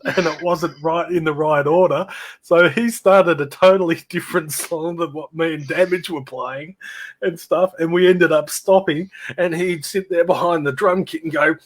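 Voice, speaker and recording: A man's voice: a little high, a little slow. A middle-aged Australian man telling rambling stories about his old band in casual chat, laughing and imitating people as he goes.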